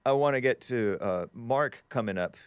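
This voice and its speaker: Guy hosting a live stream, smooth clear voice, dry close mic, laughs a lot, wry. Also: medium pitch, moderate pace, no room sound, highs cut off. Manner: wry, laughs often, trails off and restarts. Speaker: show host. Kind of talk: casual live-stream talk.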